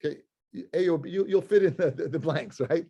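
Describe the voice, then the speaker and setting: Rabbi teaching a casual Talmud class. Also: male voice, a little high, brisk, breathy edge, lo-fi sound. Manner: poses questions and answers them himself; mixes Hebrew and Aramaic terms into English. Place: study class with listeners present.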